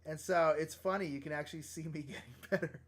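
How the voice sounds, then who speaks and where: A man's voice: a little high, steady tone, quick pace, a bit bright. A young man chatting casually on a live stream while drawing, thinking aloud and laughing often. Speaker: livestream artist.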